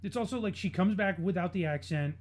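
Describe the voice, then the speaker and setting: A man's voice: sits high, brisk. A man on a wrestling podcast, ranting in casual, profane chat.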